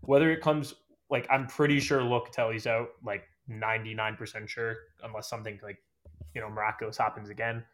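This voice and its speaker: A man's voice: fairly low pitch, little pitch movement, brisk, fairly bright tone. A man chatting casually as a podcast guest, hedging often with fillers and "I think". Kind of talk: casual chat.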